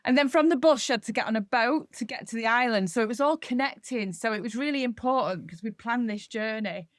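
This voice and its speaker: A woman's voice: a little high, brisk, no room sound, studio quality. A woman in her forties, a podcast co-host, telling stories in a casual chat and laughing often. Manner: animated, laughing storyteller.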